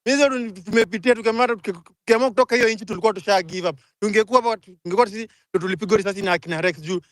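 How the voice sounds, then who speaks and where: Angry fast-talking Kenyan man. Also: high-pitched, fairly bright tone, no echo. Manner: angry, rapid code-switching rant. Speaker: speaker in a live audio room. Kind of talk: impassioned live chat.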